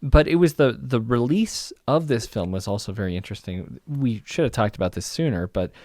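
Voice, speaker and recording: A man hosting a horror film podcast, chatting casually with lively restarts and stammers. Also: mid-range voice, brisk, no echo, clean studio sound. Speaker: podcast host. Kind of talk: casual chat.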